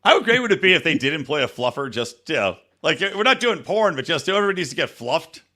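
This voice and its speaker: A man hosting a podcast, telling crude, animated stories in casual banter with friends. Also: fairly high pitch, fast talker. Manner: animated storyteller, jokey and crude. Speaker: podcast host.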